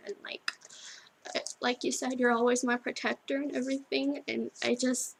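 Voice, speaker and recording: A teenage girl recording a tearful video message to her best friend, halting and full of restarts as she cries. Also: on the high side, low-quality recording. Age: teens. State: crying. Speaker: vlogger.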